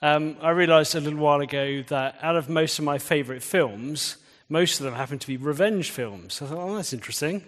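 A man's voice: a little high, fairly quick, hardly any pauses. A man preaching a sermon in a conversational way, quizzing the audience. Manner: conversational, engages the audience with quiz questions. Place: church. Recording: reverberant church hall.

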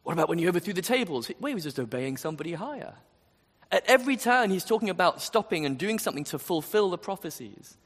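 An earnest man preaches a sermon, pressing his points and putting rhetorical questions to the room. His voice sits a little high and swings widely in pitch. The sound carries the long reverb of a big hall. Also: big pitch swings, quick pace, fairly bright tone.

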